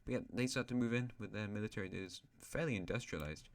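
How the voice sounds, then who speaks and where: A man's voice: lowish voice, fast. A male host casually narrating an alternate-history map, rambling with asides and correcting himself.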